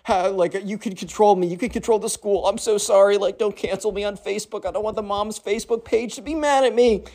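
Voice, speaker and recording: A man's voice: high-pitched, brisk, a little mellow, pitched above the performer's own voice. A man voicing a timid teacher who stammers through frantic apologies. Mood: grovelling. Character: flustered grovelling adult teacher, timid.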